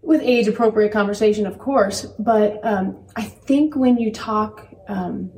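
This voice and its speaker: A mother telling candid stories about parenting in an earnest, animated way as a guest. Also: mid-range voice, unhurried, far from the mic, slight background noise. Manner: earnest, animated, quotes herself. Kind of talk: candid conversational storytelling. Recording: echoey room, voice from off-mic.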